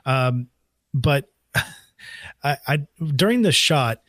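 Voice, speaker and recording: A man co-hosting a podcast speaks hesitantly and keeps restarting his thoughts with fillers. His pitch is middling, and the sound is close and dry, with no room echo. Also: lively intonation, very slow, a bit bright. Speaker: podcast co-host. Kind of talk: casual chat.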